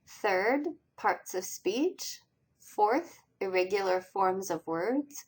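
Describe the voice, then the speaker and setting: A woman's voice: mid-range voice, animated, very slow, husky. A woman teaching a college reading class, talking through slides step by step and asking students questions as she goes. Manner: patient, step-by-step explaining with quiz questions to students. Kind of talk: recorded slideshow lecture.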